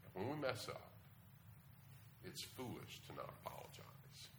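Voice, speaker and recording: Guy preaching a sermon, voice swoops up and down a lot, faint hiss behind. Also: unhurried. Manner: lively, animated delivery with sudden jumps in pitch.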